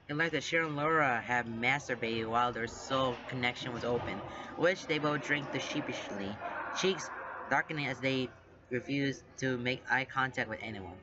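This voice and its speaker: A man calmly reading fan fiction aloud at a measured pace, in a dull lo-fi recording. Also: mid-range voice, background noise. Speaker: story reader.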